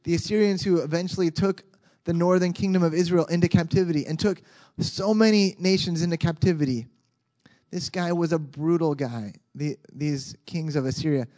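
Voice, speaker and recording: A man preaching a sermon as a pastor in a conversational, animated way with frequent restarts. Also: on the high side, moderate pace.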